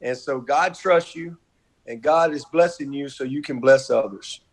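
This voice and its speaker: Effusive coach on a video call. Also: male voice, mid-range voice, unhurried. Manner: warm, effusive, repetitive, folksy. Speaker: college football coach. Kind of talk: heartfelt video-call tribute.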